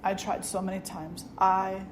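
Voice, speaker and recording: A middle-aged woman, a spiritual teacher, giving an earnest dharma talk and telling stories with gentle humor. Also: mid-range voice, level tone, measured pace. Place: ashram hall. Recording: echoey room with faint noise.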